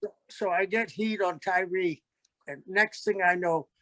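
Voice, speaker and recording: A man's voice: high voice, unhurried, a bit bright, no room sound. A man who co-hosts a wrestling show, telling a story in blunt, casual chat. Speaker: podcast host.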